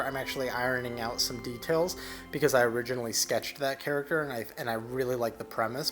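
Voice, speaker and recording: A man's voice: medium pitch, a bit bright. A young man casually narrating over his digital painting, rambling loosely with plenty of fillers and restarts.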